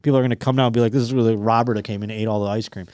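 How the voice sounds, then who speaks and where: A man hosting a podcast in casual comedic chat, crude and animated, swearing constantly and mocking the stories he reads. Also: lowish voice, racing, no room sound. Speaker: podcast host.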